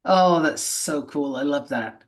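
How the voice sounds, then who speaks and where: A woman's voice: deep voice, measured pace. Enthusiastic woman podcast co-host. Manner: free-flowing, enthusiastic, self-described witch. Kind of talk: casual podcast chat.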